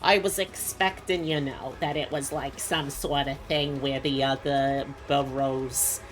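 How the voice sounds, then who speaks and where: A woman's voice: rumbling low, steady tone, a little slow, soft background music. A woman VTuber chatting casually while she draws on stream, rambling with lots of asides.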